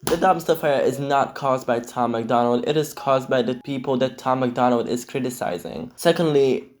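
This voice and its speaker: A man's voice: mid-range voice, fairly even intonation, moderate pace. A teenage boy, sarcastically reading and answering comments in a casual commentary, swearing often. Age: teens. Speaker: YouTube commentator.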